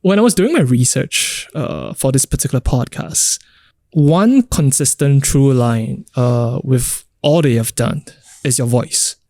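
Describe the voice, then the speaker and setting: A man's voice: medium pitch, lively intonation, a little slow, mellow, no room sound, studio quality. A man hosting a podcast interview, attentive and encouraging as he asks his guest questions. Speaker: podcast host. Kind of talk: interview conversation.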